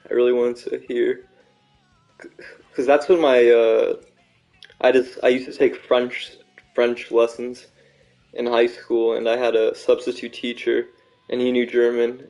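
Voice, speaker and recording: A man chatting casually while streaming a game, rambling, self-mocking, full of halting restarts. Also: mid-range voice, darkish tone, rough recording. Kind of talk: casual gaming chat.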